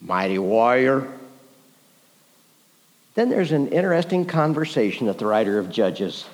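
Animated high-voiced male preacher. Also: a little fast. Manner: animated, questions the audience often. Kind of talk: sermon storytelling. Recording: long hall reverb.

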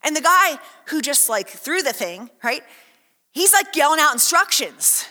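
A woman preaching a sermon to a congregation, chatty and animated, acting out little scenes and asking the room questions. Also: high voice, a little slow. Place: church hall. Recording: echoey hall.

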